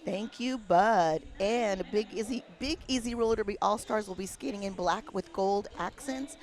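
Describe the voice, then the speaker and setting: A woman's voice: mid-range voice, moderate pace, hardly any pauses, darkish tone. Chatty female derby commentator. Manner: chatty, friendly, reads names carefully. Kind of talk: live sports commentary. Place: arena broadcast booth.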